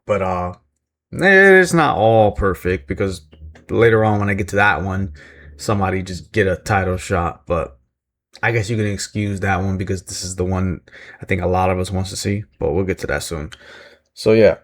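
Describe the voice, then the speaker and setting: A man's voice: deep voice, moderate pace, a little hiss or hum. A man casually recapping a wrestling show, rambling with lots of fillers, chuckling and joking about himself. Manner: rambling, self-deprecating, many fillers and chuckles.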